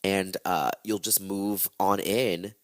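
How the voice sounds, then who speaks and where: A scheming, secretive wife who bosses people around and pleads in hushed asides, as a man puts her on. The voice stays lowish and dry. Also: steady tone, takes it slowly, no echo. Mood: bossy.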